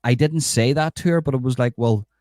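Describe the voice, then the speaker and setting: A man's voice: medium pitch, fast, a little mellow, no room sound, clean studio sound. A middle-aged man, rambling and swearing as he hosts a live stream and retells conversations.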